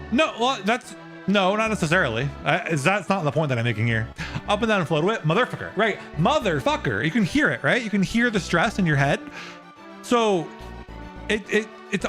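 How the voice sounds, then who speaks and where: A man's voice: sits high, a bit bright. A young man streaming live, casually explaining a topic and answering his viewers' chat.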